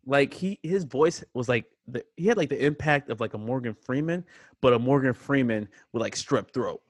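A young man, a podcast co-host, joking and teasing in casual chat and quick to laugh. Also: medium pitch, no echo, clean studio sound.

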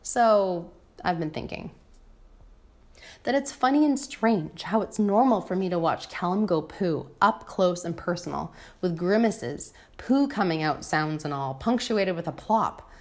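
A woman's voice: lowish voice, lively intonation, measured pace. A woman in her thirties, a mother, reading her own personal essay aloud in a frank, wry and irreverent way. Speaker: mother of a toddler.

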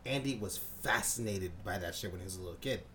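A man casually telling a long story on a podcast, profane and animated, acting out scenes and sounds. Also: sits low, fast, a little hiss or hum. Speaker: podcast co-host.

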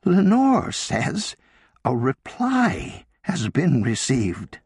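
A man's voice: sits high, big pitch swings, takes it slowly, gravelly, slightly rough, dry recording, studio quality, voice pushed up, heavily acted. A man voicing an elderly woman astronomer who sounds breathless and disbelieving.

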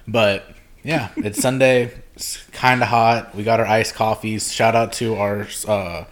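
A man's voice: fairly low pitch, steady tone, measured pace. A man hosting a podcast in casual chat, rambling and loose with lots of ums and restarts. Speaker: podcast host. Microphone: podcast microphone.

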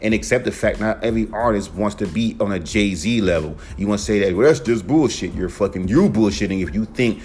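A man hosting his own podcast, ranting casually and profanely about rap and his music with emphatic, animated delivery. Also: fairly low pitch, fairly quick, hardly any pauses, slight background noise. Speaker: podcast host and rapper. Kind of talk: casual solo podcast rant.

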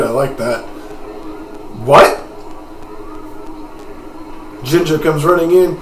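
A man's voice: a little high, takes it slowly, long pauses. A man casually narrating a video game playthrough, self-mocking about his character voices. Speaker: let's play commentator. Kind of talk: game playthrough commentary with voice acting. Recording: roomy echo, game music behind.

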